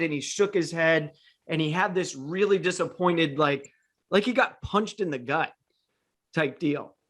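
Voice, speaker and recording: A man's voice: a little high, fairly bright tone. A man hosting a casual talk show, telling long stories with frequent restarts and fillers. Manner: rambling with many restarts and fillers. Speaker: podcast host and dog trainer. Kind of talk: casual storytelling chat.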